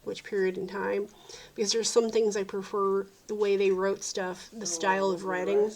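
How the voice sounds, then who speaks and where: A woman's voice: medium pitch, little pitch movement, normal speed, a little mellow. A woman from the South Jersey and Philadelphia area in a rambling, opinionated vlog monologue, often calling things dumb. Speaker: vlogger.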